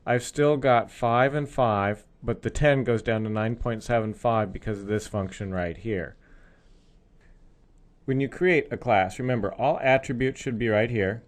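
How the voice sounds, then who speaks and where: A man's voice: medium pitch, unhurried. A male programming instructor explaining code step by step in a recorded screencast lesson.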